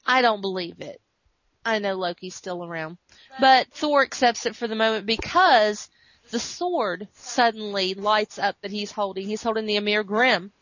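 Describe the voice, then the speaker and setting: A woman hosting a podcast retells a comic story with animation, slipping into quotes. Her voice sits at a middle pitch. The sound is muffled and dry. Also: moderate pace, a bit bright, dry recording. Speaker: podcast host. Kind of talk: casual chat recapping a comic.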